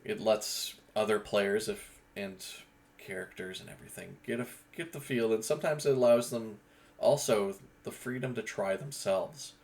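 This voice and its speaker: Male gaming host who rambles casually, low and gravelly. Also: normal speed, darkish tone. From Eastern Canada. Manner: rambling, with frequent restarts and fillers. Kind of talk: casual monologue.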